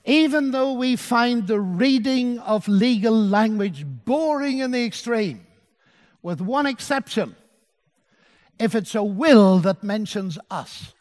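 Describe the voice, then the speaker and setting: A man preaching a sermon, measured and dwelling on key words. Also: sits high, lively intonation, a little mellow, in a large hall.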